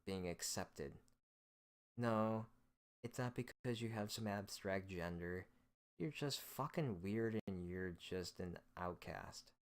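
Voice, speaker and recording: Deep-voiced man in a profane, hostile rant. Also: smooth. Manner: hostile, profane, scornful ranting. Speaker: host. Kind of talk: solo rant monologue.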